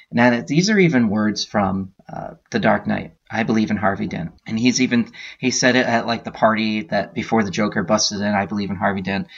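Retelling a comic book plot one scene at a time, this male podcast host keeps it casual, quoting the dialogue and dropping plenty of "uh" fillers. He speaks on the low side with vocal fry, captured in dull lo-fi audio.

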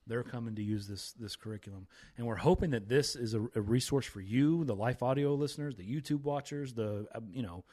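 A man's voice: medium pitch, a little fast, few pauses, dark tone. A man hosting a faith podcast, talking with fired-up, preachy energy and reciting scripture with emphasis. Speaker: podcast host.

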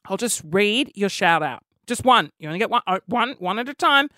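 Young aussie guy doing a solo comedy pod, rambly and self-mocking, super lively voice, dry close sound. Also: high-pitched, normal speed, no echo. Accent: Australian. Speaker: podcast host. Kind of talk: solo comedy podcast monologue.

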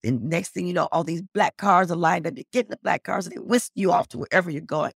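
A middle-aged woman telling a story as an interview guest, animated and acting out the dialogue she quotes. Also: fast talker, gravelly, husky, dry recording, studio quality. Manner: animated, acts out quoted dialogue with big pitch jumps.

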